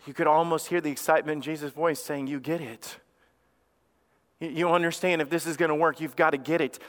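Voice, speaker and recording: A man preaching a sermon as pastor, emphatic, dropping low and quiet when he reads scripture. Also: little pitch movement, fast. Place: church sanctuary. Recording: reverberant church hall.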